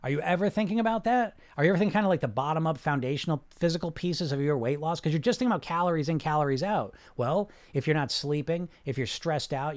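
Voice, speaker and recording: Guy doing a live podcast, kinda high voice, rambles, lots of "you know", talks right at you. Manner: rambling, emphatic, talks straight to listeners; frequent restarts and "you know". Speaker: podcast host reading live comments. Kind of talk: live-streamed casual podcast talk.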